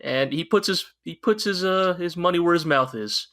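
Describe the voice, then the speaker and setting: A man co-hosting a podcast, chatting about an anime in an excitable, rambling way, with frequent restarts and swearing. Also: high voice, normal speed. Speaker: podcast co-host. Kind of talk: casual anime review chat.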